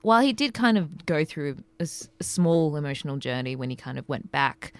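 A woman's voice: low voice, expressive, a little fast, dry recording. A woman co-hosting a casual podcast chat, chatty and teasing, stumbling over restarts. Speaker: podcast co-host.

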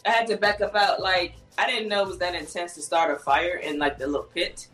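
Woman, from Nigeria, podcast co-host, boastful, teasing, casual chat, soft music underneath. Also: lowish voice, fairly even intonation, brisk, poor audio.

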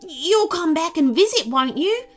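A woman voicing a gentle, grateful male musky rat kangaroo who speaks in a warm, friendly, cheerful way in a storybook reading. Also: very high-pitched, lively intonation, unhurried, soft background music, voice pushed up.

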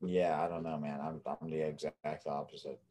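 A man's voice: extremely low pitch, flat delivery, moderate pace, warm tone. A man chatting casually as a podcast guest over a remote mic, laid-back and often asking "you know what I mean". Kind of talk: casual crude podcast chat. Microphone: remote mic held far off.

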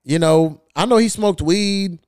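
A man's voice: sits high, unhurried, a little mellow, clear, resonant tone, dry recording, clean studio sound. A podcast host telling a long, profane story in casual chat, acting out the people he quotes. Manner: profane, acts out quoted voices.

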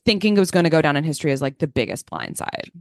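A woman's voice: deep voice, big pitch swings, rapid-fire, no room sound, clean studio sound. A woman co-hosting a podcast in casual chat, saying "like" constantly as she talks. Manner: filler-heavy, says "like" constantly. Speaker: podcast co-host.

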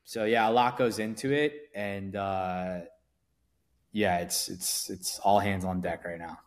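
Low-voiced man, rambling and relaxed. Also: unhurried. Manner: relaxed, rambling, frequent fillers and restarts. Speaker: event promoter guest. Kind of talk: casual podcast interview.

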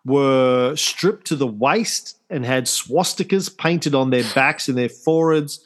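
A man, co-hosting a history podcast, telling it in a casual, halting way with many restarts. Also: medium pitch. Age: 50s. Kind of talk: casual conversational storytelling.

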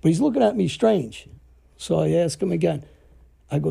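A man's voice: a little high, lively intonation, normal speed, gravelly, warm tone, breathy edge. A man telling stories casually, rambling and acting out the dialogue he quotes. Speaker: podcast storyteller. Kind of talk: casual storytelling.

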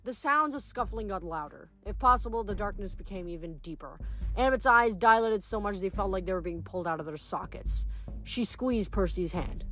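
A woman's voice: mid-range voice, lively intonation, a little fast, a bit bright, faint music behind. A woman reading a novel aloud with expression, adding her own short comments between chapters. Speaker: reader.

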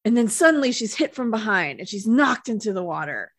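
A woman's voice: medium pitch, very animated, fairly quick, no echo, studio quality. A woman co-hosting a podcast, casually retelling a TV episode and often laughing. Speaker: podcast co-host recapping a TV episode. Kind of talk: casual chat.

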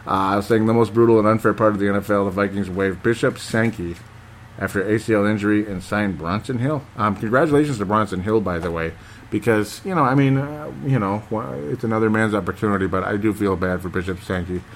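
A man's voice: fairly low pitch, quick pace, a little hiss or hum. A man hosting a casual sports talk show, reading listener comments and chatting in a rambling, hesitant way with lots of fillers. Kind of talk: casual chat.

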